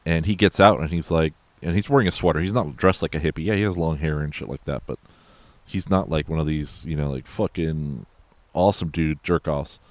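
Very deep-voiced man, rambling film chat. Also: brisk, no room sound. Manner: rambling, profane, loose and conversational. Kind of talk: casual film recap chat.

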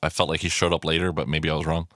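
A man's voice: very deep voice, flat delivery, very fast, a bit bright, no echo, studio quality. A man giving casual, rambling film commentary, swearing freely and full of fillers and restarts.

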